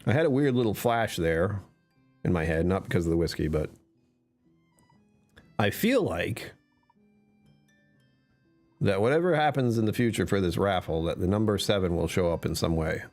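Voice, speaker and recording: Low-voiced man chatting on a live stream. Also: expressive, normal speed, pauses often, darkish tone, soft background music. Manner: chatty, reads and answers chat, laughs often. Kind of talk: casual live-stream chat.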